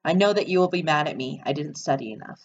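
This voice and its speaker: A woman voicing a shy, serious thirteen-year-old girl who speaks flatly and bluntly. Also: low voice, quick pace, muffled recording, slight background noise. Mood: glum.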